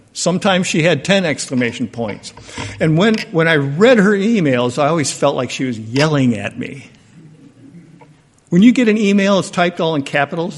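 A man's voice: a little high, husky. Man preaching in a reverberant hall. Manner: conversational preaching, swings from loud to hushed. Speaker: pastor. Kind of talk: sermon.

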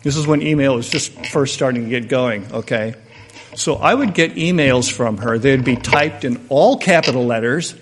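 Male pastor, mid pitch, conversational sermon that swings from loud to hushed, long hall reverb. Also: normal speed, a little hiss or hum.

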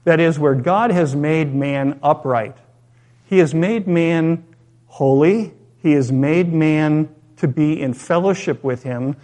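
A man preaching, his voice sitting a bit higher than most men's. He reads scripture and leads a prayer. He talks through a story in an easy, conversational way and poses rhetorical questions to his listeners. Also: takes it slowly, a little mellow. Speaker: pastor. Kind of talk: sermon.

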